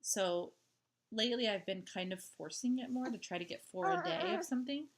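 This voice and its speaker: A woman with a slightly high voice and lively intonation rambles through a casual video diary at home. She speaks at a normal speed, and "like" and "um" crop up constantly.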